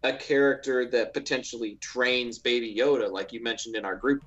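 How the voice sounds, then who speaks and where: A man's voice: medium pitch, steady tone, normal speed, a bit bright. Male co-host, casual talker, keeps restarting his sentences, dull lo-fi mic sound. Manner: rambling, with many restarts and filler likes. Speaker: podcast co-host. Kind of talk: casual podcast chat.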